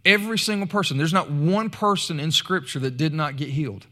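Male preacher, higher-pitched, energetic sermon delivery with loud scripture readings. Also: a little fast. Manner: animated, rising to loud emphasis when reading scripture.

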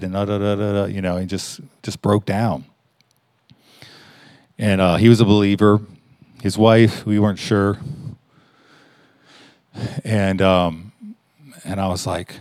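A man preaching in a conversational way, telling a story with halting restarts and rising emphasis. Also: on the low side, flat delivery, a little mellow, no room sound, clean studio sound. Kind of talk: conversational sermon.

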